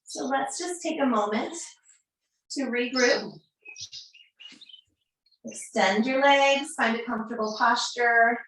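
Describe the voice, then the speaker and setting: A woman guides a yoga class in a calm, encouraging way. Her voice is bright and clear in tone. She stands some way from the mic, and the room adds a strong, roomy echo. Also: a little high, slow, long pauses, far from the mic. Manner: calm, encouraging, gently chanting mantra syllables. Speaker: yoga teacher.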